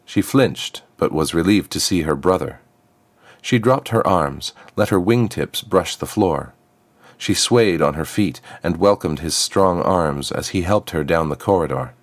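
Deep-voiced man narrating a fantasy tale. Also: expressive, measured pace, dry recording.

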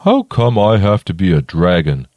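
A man's voice: deep voice, wildly swooping pitch, normal speed, darkish tone, no room sound, full character voice. A man doing a sulky young dragon. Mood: glum. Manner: earnest, whiny.

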